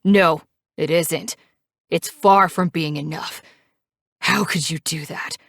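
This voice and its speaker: Woman voicing an anguished biker man, audiobook character, shouting, gravelly voice, slow delivery. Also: low voice, no room sound, studio quality. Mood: yelling anguish. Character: angry grieving male biker, young adult.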